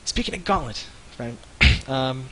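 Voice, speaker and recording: A man in his thirties, co-hosting a livestream, telling rambling animated stories with lots of restarts. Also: mid-range voice, measured pace, background noise. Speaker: web show co-host. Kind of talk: casual livestream chat.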